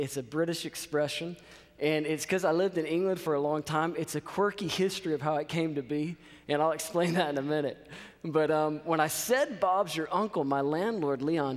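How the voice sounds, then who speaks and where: A man in his thirties telling a lively story as a college chapel speaker, often checking in with his audience. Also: on the high side. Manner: animated storyteller, checks in with "okay?". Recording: reverberant chapel hall.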